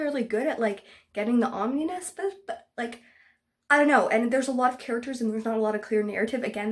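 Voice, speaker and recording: A woman talking casually in a book vlog, husky and sick with a cough, rambling with many "like" fillers. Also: fairly high pitch. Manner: rambling, full of "like" fillers, animated rants. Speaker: book vlogger. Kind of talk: casual chat. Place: indoors at home.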